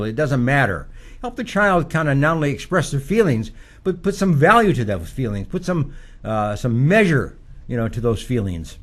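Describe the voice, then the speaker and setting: An older man, a psychologist, giving earnest, teacherly parenting advice that repeats its key points. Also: mid-range voice. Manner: earnest, repetitive, teacherly, with rising emphasis. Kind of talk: advice talk.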